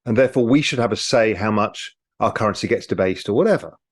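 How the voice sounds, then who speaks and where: A man, a guest in an interview, explaining with lively storytelling. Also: lowish voice, quick pace, husky. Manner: animated storyteller, mimics people in quotes. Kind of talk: casual interview talk.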